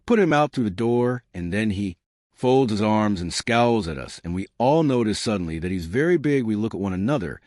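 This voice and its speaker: A man's voice: fairly low pitch, expressive, brisk, darkish tone, no echo, studio quality. A man narrating an audiobook short story in a colloquial, chatty first-person voice.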